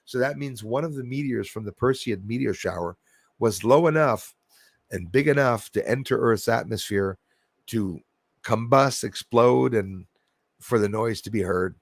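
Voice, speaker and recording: A man's voice: mid-range voice, a little slow, vocal fry, dry recording, clean studio sound. A man vlogging space news, reading headlines aloud and rambling into skeptical asides, often restarting his sentences.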